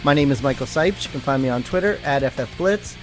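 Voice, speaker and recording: A man hosting a podcast in casual chat, upbeat and quick to giggle. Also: medium pitch, lively intonation, soft background music. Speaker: podcast host.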